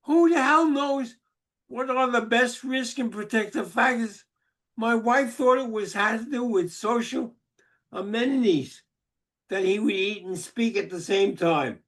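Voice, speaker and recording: A man's voice: very high-pitched, unhurried, a bit bright. An older man, a psychologist and author, telling wry, joking anecdotes in a webinar over a video call.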